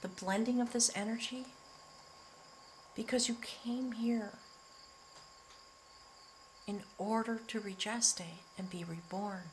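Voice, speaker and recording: A middle-aged woman giving a spiritual tarot reading, earnest and emotional, slowly drawing out her words and sometimes dropping to a near whisper. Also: fairly high pitch, steady tone, noisy background. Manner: earnest and emotional, often choked up, breaking into soft laughs; slow, drawn-out delivery with soft near-whispered words. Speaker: tarot reader.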